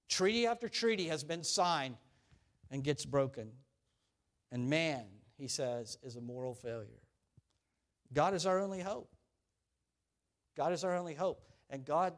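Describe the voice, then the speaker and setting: A man preaching a sermon, animated and storytelling, rising and falling in volume. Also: fairly high pitch. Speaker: pastor.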